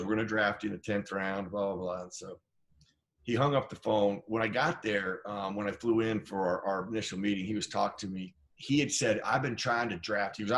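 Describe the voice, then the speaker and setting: Animated storytelling man from Idaho. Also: fairly low pitch. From Idaho, USA. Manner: animated storyteller, acts out quoted voices. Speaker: guest, former football player. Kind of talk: casual storytelling interview.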